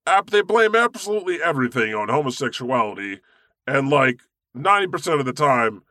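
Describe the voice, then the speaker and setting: A man hosting a comedy podcast as God, irreverent and boastful, swearing freely and cracking deadpan jokes. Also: medium pitch, fairly quick, no echo, studio quality. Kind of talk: improvised comedy chat in character.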